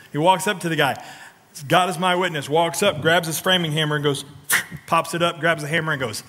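A male pastor delivers a sermon in a bright, forceful voice pitched a little high. He tells stories animatedly, swinging from loud, punchy lines to hushed ones and prodding his congregation to answer. A long reverb from the sanctuary trails every phrase. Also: fast. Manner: talks directly to the congregation, prodding them for responses. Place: church sanctuary.

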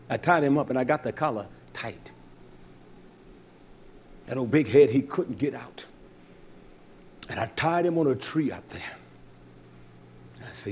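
A man preaching a sermon with blunt, salty language, swinging from loud shouts to low mutters. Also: expressive, a little slow, long pauses, a little hiss or hum.

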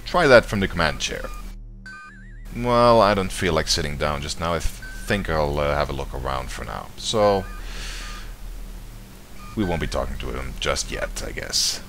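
A man's voice: a bass voice, animated, normal speed, long pauses, a bit bright, soft background music. A man commenting casually on a video game he is playing, joking and reading game text aloud. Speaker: let's play commentator.

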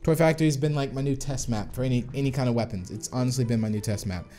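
A young man giving live commentary on a shooter game, excitable and chatty with viewers, bursting into whoas and cheers. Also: mid-range voice, fast, faint music behind. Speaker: gaming YouTuber.

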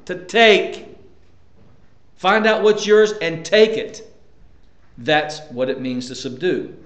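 A man's voice: fairly high pitch, expressive, takes it slowly, a bit bright, echoey room, lo-fi sound. A male pastor preaching a sermon with emphasis, asking the congregation rhetorical questions.

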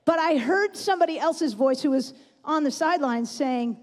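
Preaching in a church sanctuary, a woman talks a little fast in a high voice with a darkish tone. Her style is chatty, and she regularly asks the congregation questions. The recording carries the long reverb of the church hall.

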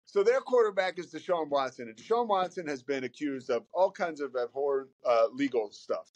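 A man talking casually as a podcast guest, animated and rambling, often repeating words as he starts a thought. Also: on the high side, a little fast. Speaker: podcast guest, sports broadcaster. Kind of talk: casual conversation.

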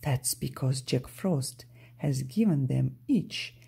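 A woman reading aloud, voicing a kind, worried young female fairy from a storybook who explains gently. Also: very deep voice, expressive, slow, creaky, husky, pitched below the performer's own voice, heavily acted.

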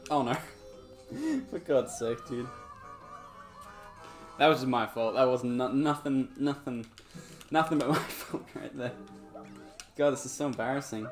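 A man streaming a game live, chatting with viewers in a laid-back way, laughing often and humming along. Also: mid-range voice. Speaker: gaming streamer. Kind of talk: live gameplay commentary. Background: game music.

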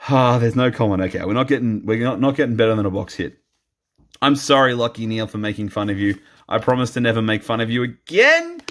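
A man's voice: medium pitch, very animated, fairly quick, fairly bright tone. A man commenting casually on a trading card box opening, playful and self-mocking, laughing often.

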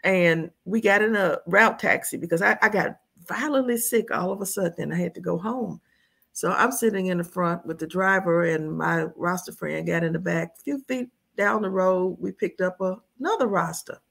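Husky, gravelly American woman telling stories. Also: on the low side, normal speed. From United States. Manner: animated storyteller, laughs often. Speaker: guest. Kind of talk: casual conversation, storytelling.

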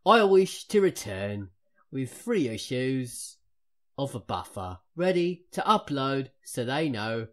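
A man's voice: medium pitch, big pitch swings. A man putting on a shaky Cockney author. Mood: earnest. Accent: attempted Cockney. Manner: louder and slower than his own talk. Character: male webcomic author, earnest.

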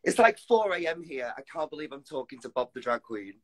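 A man's voice: on the high side, big pitch swings, brisk. Eager man on a phone call. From England. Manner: eager, giggly, self-deprecating. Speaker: guest caller on a live stream. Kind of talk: casual live-stream chat.

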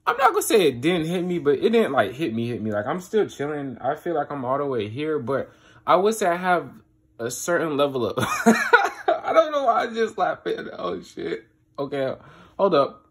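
A man's voice: on the high side, very animated, a little fast, slightly rough. A young adult man talking casually to camera in a room at home. He uses loose slang and keeps checking in with "you get what I'm saying.". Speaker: vlogger. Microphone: handheld phone camera.

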